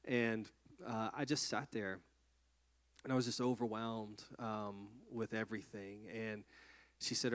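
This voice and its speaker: A man, a pastor, telling a personal story in a sermon in an earnest, reflective way with halting restarts. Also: on the low side, steady tone, fairly bright tone, clear, resonant tone.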